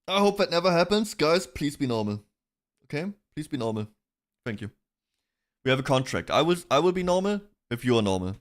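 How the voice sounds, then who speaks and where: A man's voice: fairly high pitch, big pitch swings, fairly quick. A man streaming, chatting casually about online drama in a rambling way, with restarts and bursts of laughter.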